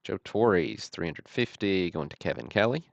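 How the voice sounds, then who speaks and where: A man hosting a livestream, calling out trading cards one after another in a steady, matter-of-fact way with dry self-deprecating asides. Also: sits low, normal speed, gravelly, dry recording, muffled recording. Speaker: host of a card-break livestream.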